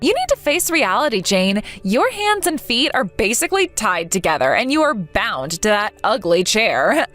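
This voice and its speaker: A synthetic woman's voice reading a scornful fake friend from a text-message story. She mocks and brushes off everything she hears. Her voice sits fairly high and jumps up and down in pitch. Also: big pitch swings, moderate pace, fairly bright tone, soft background music. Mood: mocking. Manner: mocking, dismissive.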